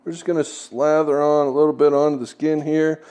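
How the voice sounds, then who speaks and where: A man's voice: on the high side, little pitch movement, fairly quick, warm tone. A man hosting a casual cooking tutorial in a home kitchen, chatty and joking as he goes. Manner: jokey, chatty, self-deprecating asides. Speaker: cooking video host.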